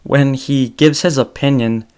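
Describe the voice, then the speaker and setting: This young podcast host talks a little slowly, his mid-range voice fairly even in intonation, a little mellow, and clean in tone. Alone and unscripted, he thinks aloud and corrects himself as he goes.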